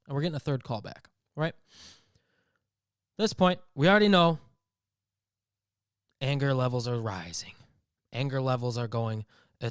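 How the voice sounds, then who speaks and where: A man hosting a podcast, telling comic stories in an animated rant and acting out other people. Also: fairly high pitch, clean tone, no room sound, studio quality. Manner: animated storytelling, acts out voices. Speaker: podcast host. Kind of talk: comedic rant.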